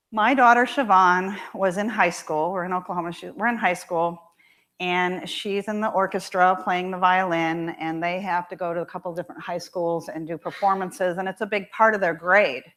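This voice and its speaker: Expressive woman preaching a sermon. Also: lowish voice. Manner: emphatic and expressive, with measured repetition. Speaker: minister. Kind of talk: sermon with storytelling. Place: church sanctuary.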